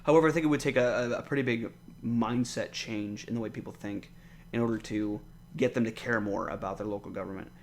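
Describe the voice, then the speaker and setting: A man's voice: lowish voice, steady tone, fairly quick, a little hiss or hum. Young male podcaster, casual and profane, rambles through an exasperated solo monologue. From United States. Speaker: podcast host.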